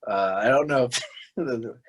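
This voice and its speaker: A man's voice: mid-range voice, unhurried, very noisy. A young man chatting casually on a podcast, rambling from one gripe to the next. He swears often and restarts his sentences as he goes. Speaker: podcast co-host. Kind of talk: casual chat.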